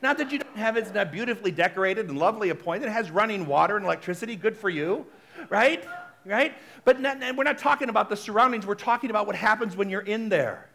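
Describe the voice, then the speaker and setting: A man giving a sermon as a minister, talking in a chatty, animated way and speaking straight to the congregation. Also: sits high, fast, few pauses. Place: spiritual center service.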